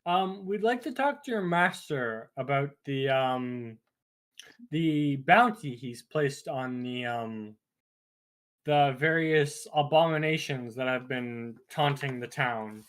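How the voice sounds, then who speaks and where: A player in a tabletop role-play, speaking in character. Polite and a little hesitant, with frequent pauses. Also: medium pitch, animated, fairly bright tone.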